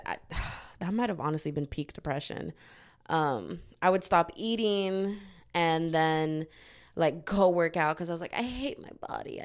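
A woman's voice: deep voice, smooth. A young woman talking candidly in a casual confessional vlog, rambling with lots of filler "like"s and self-mocking asides. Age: young adult. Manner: rambling, heavy use of "like", self-mocking outbursts. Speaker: vlogger. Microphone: own microphone.

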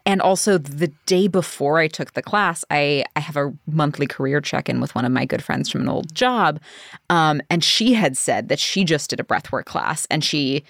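A woman guest in a casual interview, telling her experience in a candid, animated way. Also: low-pitched, normal speed, no room sound, studio quality.

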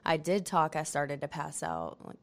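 Low-voiced woman giving brief answers. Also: very animated, moderate pace. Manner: soft-spoken, brief plain answers. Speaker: podcast guest. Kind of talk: casual chat.

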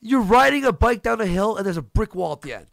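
Gravelly, ranting man. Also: high-pitched, animated, fast, a bit bright, no room sound, clean studio sound. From Canada. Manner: ranting, profane, repeats himself. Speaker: streamer host. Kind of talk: heated casual chat.

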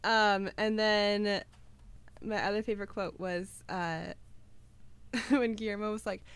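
A woman's voice: mid-range voice, fairly even intonation, takes it slowly, smooth. Giggly young woman gushing about a show. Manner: giggly, gushing, lots of fillers. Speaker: podcast co-host. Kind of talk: casual chat.

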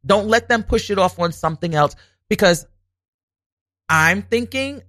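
A woman telling a personal story in a lively, swooping voice that climbs high and drops low as she acts out what everyone said. She leans on her points and repeats them for emphasis. The sound is close and dry, with no room around it. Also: measured pace, no echo. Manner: animated, acts out quoted dialogue, emphatic repetition. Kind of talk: casual storytelling monologue.

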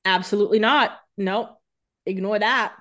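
A woman's voice: medium pitch, normal speed, fairly bright tone, highs cut off. A woman co-hosting a podcast, joking and blunt in casual banter. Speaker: podcast co-host.

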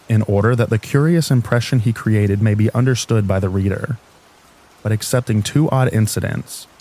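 Low, mellow male narrator. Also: low-quality recording. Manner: calm, measured reading. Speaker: audiobook narrator. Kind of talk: scripted narration of a classic novel.

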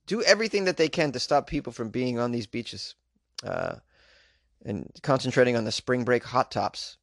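A man's voice: mid-range voice, dry recording, studio quality. A man doing a casual comedic monologue, sarcastic and mocking as he reads and riffs on news items. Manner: sarcastic, mocking, chuckling asides. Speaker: comedic commentator.

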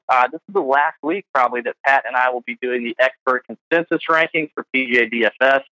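Bright-voiced man hosting a podcast. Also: mid-range voice, fast, few pauses, no room sound, poor audio. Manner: rambling, filler-heavy. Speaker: podcast host. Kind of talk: casual podcast chat.

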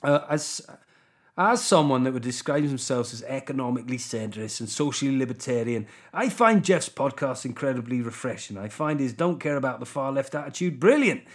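A man's voice: medium pitch, expressive, a little fast, lightly acted. A man putting on a mock Welsh accent that drifts toward West Country. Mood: mock-earnest.

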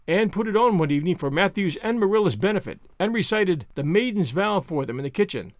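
A man narrating a classic novel in a measured, expressive storytelling voice. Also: sits high, dry recording, clean studio sound. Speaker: audiobook narrator. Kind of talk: scripted narration.

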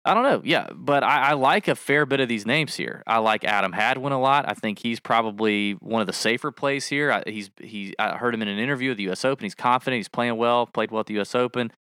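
A man's voice: mid-range voice, quick pace, few pauses, sharp tone, smooth, no room sound, clean studio sound. A man co-hosting a podcast, chatting casually and jokingly, rambling and correcting himself as he goes. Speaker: podcast co-host. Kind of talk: casual fantasy sports chat.

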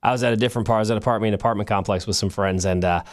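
A man's voice: on the low side, steady tone, rapid-fire. A man co-hosting a podcast, telling a long story in a casual, rambling way and correcting himself as he goes. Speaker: podcast co-host.

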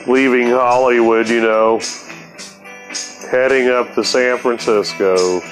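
A man's voice: medium pitch, steady tone, extremely slow, long pauses, soft background music. A man telling a story from his past in a casual, laid-back way, cursing freely and laughing often.

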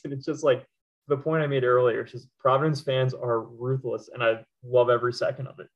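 Man co-host with a mid-range voice, excitable and rambling, heard on a slightly muffled recording. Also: mid-range voice, a little fast. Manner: laughs often, rambling, excitable. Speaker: podcast co-host. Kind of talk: casual sports chat.

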